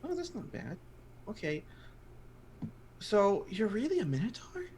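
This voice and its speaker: A man putting on tiny noble gnome children, shrill and whining, with a voice that leaps high and swoops all over. The kids sound petulant and pleading in a tabletop game. A faint hiss sits under the line. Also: huge pitch swings, a little slow, a little mellow, exaggerated voice. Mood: curious. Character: whiny little noble gnome children, about six.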